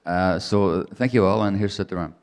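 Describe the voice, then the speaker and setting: A man in his seventies from Hungary, hosting a live event and giving halting closing remarks with many restarts. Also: deep voice, a little mellow, clear, resonant tone. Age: 70s. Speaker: event host.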